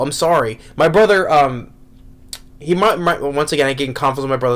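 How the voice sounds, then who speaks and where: A man's voice: a little high, a little fast. A man ranting through a movie review, rambling and exasperated, with frequent restarts and repeated words.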